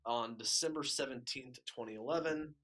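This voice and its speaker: A man's voice: medium pitch, normal speed, a bit bright. A man with a Midwestern American accent, co-hosting a casual podcast, talking in a chatty way full of fillers. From Kansas City area, USA. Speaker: podcast co-host.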